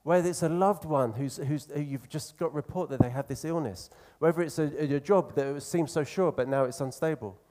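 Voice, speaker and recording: A man preaching a sermon in an earnest, conversational way, slowing down to stress key phrases. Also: on the high side, darkish tone.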